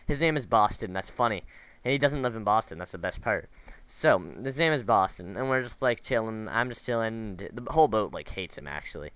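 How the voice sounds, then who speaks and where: A man with a low voice gives loose, wandering commentary over his game footage, breaking into side stories. His tone is bright and crisp. The sound is dry and close. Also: lively intonation, fairly quick, no room sound. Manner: rambling, lots of fillers and restarts, wanders off into stories. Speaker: gameplay commentator.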